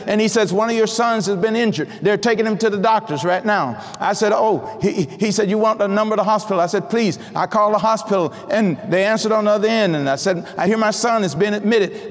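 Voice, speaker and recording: A middle-aged man preaching a sermon with a personal testimony, swinging from hushed asides to shouted declarations and often restarting his words. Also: high-pitched. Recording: long hall reverb.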